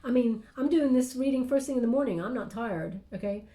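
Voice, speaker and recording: A woman's voice: a little high, animated, a little fast, mellow, echoey room. A woman giving a casual tarot reading, rambling and apologetic, with lots of fillers and restarts, yawning and sleepy. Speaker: tarot card reader.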